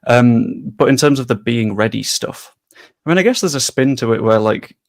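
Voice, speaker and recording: A man's voice: medium pitch, lively intonation, moderate pace. Chatty man, rambling football talk. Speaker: podcast co-host. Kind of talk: casual football podcast chat.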